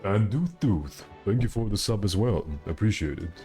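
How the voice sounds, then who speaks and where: A man's voice: fairly low pitch, animated, moderate pace, warm tone, faint music behind. A man streaming a game, chatting casually with his viewers in a joking, self-mocking, rambling way. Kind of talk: casual live-stream chat.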